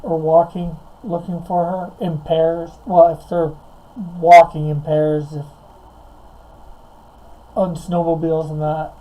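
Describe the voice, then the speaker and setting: A man's voice: on the high side, dark tone, rough recording. A man on a remote call in a casual live stream, reading out his story notes hesitantly and chatting. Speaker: comic writer.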